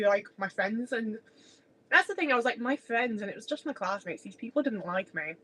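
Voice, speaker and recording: A young woman talking on a relaxed home livestream, her words wandering from one thought to the next. She swears freely and pokes fun at herself, and her voice sits at an ordinary middle pitch. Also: rough recording. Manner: rambling, sweary, self-deprecating. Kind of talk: casual livestream chat. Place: home kitchen.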